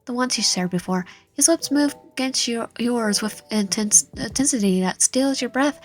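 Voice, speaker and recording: Host reads a romance game aloud: a woman with a fairly high voice, halting and self-correcting, light music underneath. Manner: halting reading with frequent slips and self-corrections. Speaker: gaming channel host. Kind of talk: reading a romance visual novel aloud.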